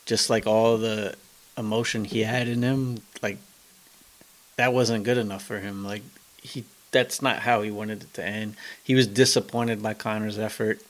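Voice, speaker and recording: Low-voiced rambling podcast man. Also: little pitch movement, normal speed. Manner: rambling, retells quotes with many fillers. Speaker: podcast co-host. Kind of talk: casual chat.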